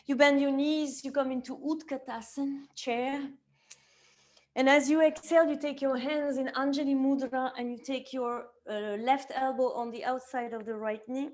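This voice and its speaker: A woman teaching a yoga class, calmly cueing each movement to the breath and gently offering options. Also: high voice, normal speed. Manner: calm step-by-step cueing tied to the breath. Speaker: yoga teacher and somatic therapist. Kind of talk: guided yoga class instruction.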